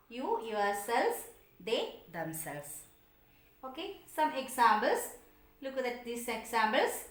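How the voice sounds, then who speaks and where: Slow, lively-pitched woman teaching grammar. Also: roomy sound. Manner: patient, asks students questions, repeats examples; non-native English phrasing. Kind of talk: online grammar lesson.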